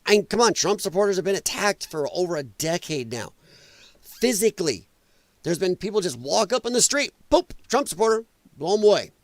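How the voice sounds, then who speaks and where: A man's voice: high-pitched, big pitch swings, a little fast, no echo. A man hosting a podcast, delivering a heated, profane political rant in an emphatic, exasperated way. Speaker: podcast host.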